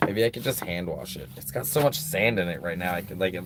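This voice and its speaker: Against a noisy background, a low-pitched livestreaming vlogger talks fast and animatedly from an outdoor beach. He chats casually while reading donations, rambling and laid-back with plenty of "like" and "um".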